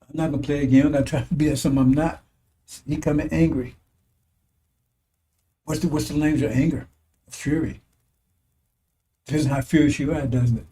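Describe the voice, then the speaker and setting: A man's voice: on the high side, fairly even intonation, moderate pace, long pauses, mellow. A man preaching informally, rambling and repetitive, using coarse language and laughing as he talks. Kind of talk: informal sermon.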